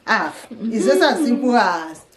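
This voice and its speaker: A woman's voice: on the high side, lively intonation, unhurried. A middle-aged Nigerian woman with a Nigerian accent, joking and laughing as she chats at home on her daughter's vlog. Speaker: vlogger's mother. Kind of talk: casual vlog chat. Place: home, indoors.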